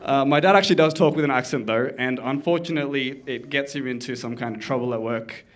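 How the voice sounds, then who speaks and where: A young Australian man in his twenties from Canberra doing a deadpan open-mic stand-up set on a comedy club stage. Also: mid-range voice, fast talker, slight background noise. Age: 20s. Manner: deadpan, drops into put-on voices for his dad.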